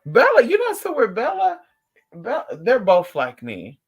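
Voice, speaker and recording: A man vlogging in casual livestream chat, telling stories to his viewers in an animated, profane way with playful asides. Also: extremely high pitch, moderate pace, vocal fry, slightly rough.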